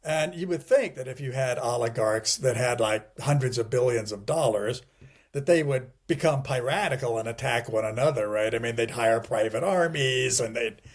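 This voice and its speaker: At a moderate pace and medium pitch, a middle-aged interview guest talks casually and digressively, often restarting, peppering in "you know", and chuckling wryly when things turn grim.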